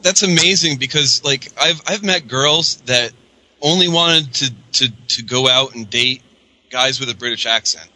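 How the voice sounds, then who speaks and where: Male co-host, very bright sharp tone, chiming in eagerly. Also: mid-range voice, measured pace, rough recording. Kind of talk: casual chat.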